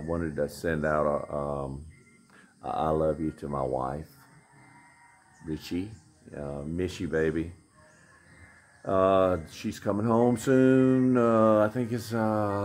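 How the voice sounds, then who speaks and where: Deep-voiced rambling Southern man. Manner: rambling, filler-heavy, folksy. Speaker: vlogger. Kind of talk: casual vlog update. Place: outdoors on a tropical building site.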